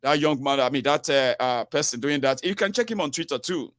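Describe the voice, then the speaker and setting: A man's voice: medium pitch, lively intonation, brisk, a bit bright, dry recording, studio quality. A man with a Nigerian accent hosting a political call-in show, talking urgently and repeating himself, with lots of fillers and tag words. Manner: urgent, repetitive, fillers and tags like "oh" and "sure you get". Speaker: talk show host.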